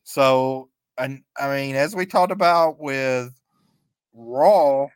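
Smooth-voiced man recapping casually. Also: medium pitch, slow pace, no room sound. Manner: relaxed play-by-play recap, chuckling often. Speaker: podcast co-host.

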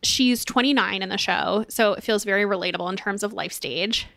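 A woman's voice: mid-range voice, a little fast, creaky, sharp tone, no room sound. A young woman co-hosting a podcast, chatting in an upbeat way with lots of casual fillers. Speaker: podcast co-host. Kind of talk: casual chat with ad read.

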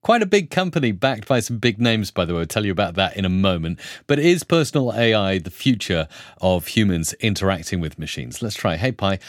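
Man podcast host, lively pitch, enthusiastic, dry close sound. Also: brisk, no room sound. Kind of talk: casual podcast discussion.

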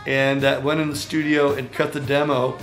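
An older man from the Chicago area, a songwriter and guitarist, telling stories in an interview in a chatty, animated way with many asides. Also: medium pitch, normal speed, faint music behind. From Chicago area, USA. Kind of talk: storytelling interview.

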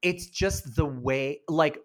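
A man co-hosting a casual film podcast, chatty and animated, quick to laugh and act out quotes. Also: fairly high pitch. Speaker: podcast co-host.

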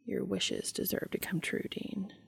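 A woman voicing a shy, gentle young man in a hushed, breathy whisper while reading a story aloud. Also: on the low side, moderate pace, no echo, clean studio sound, full character voice. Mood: tender.

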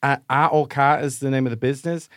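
A man's voice: mid-range voice, steady tone, fast, fairly bright tone, no room sound, clean studio sound. A young Irish man co-hosting a comedy podcast, flustered and defensive, laughing often. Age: young adult. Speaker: podcast co-host. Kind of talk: casual comedy chat.

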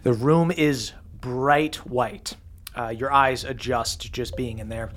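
A game master narrating a tabletop game scene with relaxed description and frequent fillers. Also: mid-range voice, slow, slight background noise.

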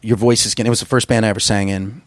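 A man who is a musician, telling stories in a casual interview, rambling and profane with a gruff voice. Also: fairly low pitch, fairly even intonation, racing, no room sound. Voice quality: gruff singer's voice. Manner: rambling, profane, self-deprecating storyteller. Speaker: musician guest.

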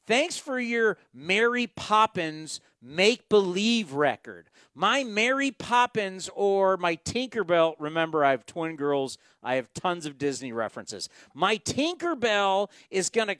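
A man's voice: high voice, animated, a little slow, few pauses, fairly bright tone, smooth, no echo, studio quality. A man hosting a post-game radio sports talk show, ranting sarcastically with emphatic outbursts.

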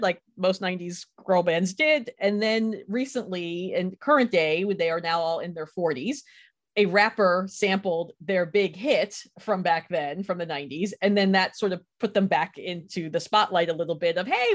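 A woman's voice: fairly low pitch, moderate pace. Chatty enthusiastic woman host. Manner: enthusiastic, chatty, frequent laughs. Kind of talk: casual chat.

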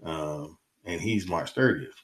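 A man talks in a lowish voice on his solo podcast. He rambles and curses, and his frustration keeps spilling over. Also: slow pace. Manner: heated, profane, rambling. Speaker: podcast host. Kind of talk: casual solo podcast monologue.

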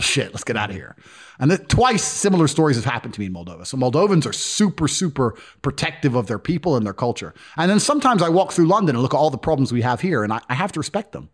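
A man telling stories as a podcast guest in a blunt, profane, casual way. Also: on the high side. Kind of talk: casual storytelling.

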